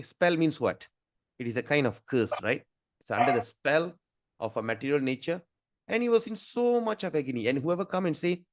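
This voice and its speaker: A man's voice: mid-range voice, dry recording. A middle-aged man teaching a scripture class over a video call, telling stories and often repeating and restarting his phrases. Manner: repeats words and restarts phrases, rambling storytelling. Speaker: spiritual teacher.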